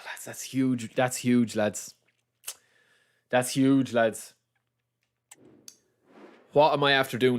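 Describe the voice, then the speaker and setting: A young Irish man giving chatty, excitable live commentary as he plays a game on stream, calling out to his viewers. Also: medium pitch. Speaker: gaming livestreamer. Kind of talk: casual live commentary over gameplay.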